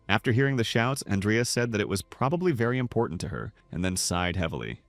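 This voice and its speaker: A man's voice: lowish voice, expressive, a little fast, few pauses, no echo. A man narrating a scripted story recap.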